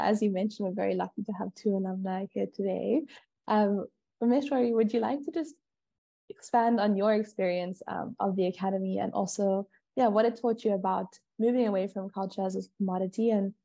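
A woman moderating a panel speaks in a flat, gravelly voice with a dark tone. Her audio is dull and lo-fi, like a call recording. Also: mid-range voice, no room sound.

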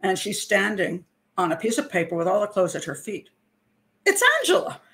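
A woman host telling a true story to her viewers in a casual monologue. Her pitch sits in the middle, and she slips in laughs as she goes. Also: fairly even intonation, fairly quick, gravelly. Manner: chatty, laughs often, acts out quotes. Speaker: criminal profiler and show host.

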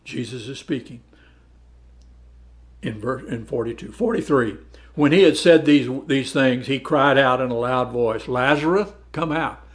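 A man's voice: medium pitch, unhurried. A man teaching a Bible study lesson, reading verses aloud and explaining them in a conversational way, often repeating words as he goes. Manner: reads verses aloud then comments.

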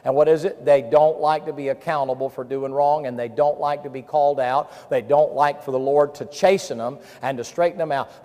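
Preacher in a reverberant hall. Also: male voice, on the high side, steady tone, a little fast, few pauses, mellow. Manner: emphatic preaching with repeated phrases. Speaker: pastor. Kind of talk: sermon. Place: camp-meeting hall.

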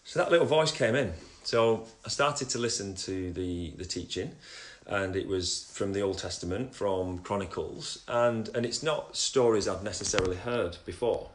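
A man's voice: lowish voice, normal speed. A man giving a casual religious talk on a livestream, rambling and breaking off his own sentences, sometimes reading scripture aloud at home. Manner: rambling, self-interrupting, reads scripture aloud. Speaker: Christian speaker sharing testimony. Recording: echoey room.

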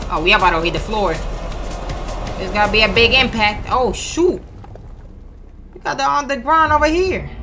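A woman hosting a gaming channel, giving excitable, slangy, trash-talking let's play commentary and taunting enemies. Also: mid-range voice. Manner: slangy, swears often. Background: game music.

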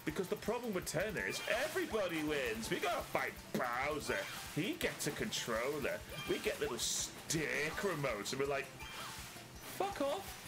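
A man's voice: on the high side, very animated, moderate pace, hardly any pauses, music in the background. A man casually commentating a game he is playing on stream, joking, swearing and laughing often. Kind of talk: casual let's play commentary.

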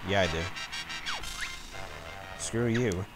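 An excitable man gives a let's-play commentary with a lowish voice. He keeps complaining and yelling at the game as he plays. Loud game music plays behind him. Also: extremely slow, rough recording.

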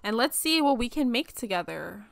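A woman's voice: fairly high pitch, moderate pace, gravelly, no room sound, studio quality. A young woman giving chatty, playful let's-play commentary as she plays a life-sim game. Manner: chatty, animated, playful slang, frequent laughs. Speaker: gaming channel host.

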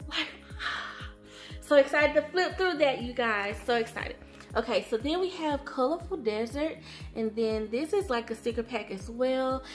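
Gushing high-voiced woman unboxing. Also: animated, measured pace, soft background music. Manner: gushing, repeats words, says y'all a lot. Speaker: planner vlogger. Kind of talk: excited unboxing chat.

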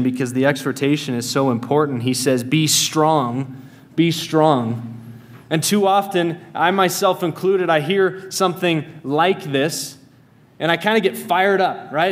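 An American man preaching a sermon in a church, earnest and emphatic, repeating key phrases. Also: a little high. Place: church sanctuary.

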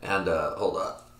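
Young man, low voice, crude rambling podcast rant, echoey room. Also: sharp tone. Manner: crude, rambling, laughing at own jokes. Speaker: podcast host. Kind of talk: casual solo podcast rant. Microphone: computer mic.

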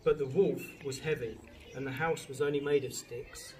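A man, a teacher, reading a children's picture book aloud in a slow, lively storytelling manner. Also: mid-range voice. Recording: distant mic, noisy background with birds.

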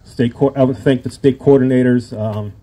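A man's voice: medium pitch, fairly even intonation, moderate pace, dark tone. A man telling a rambling, self-deprecating story in an acceptance speech at a hall of fame induction. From Illinois.

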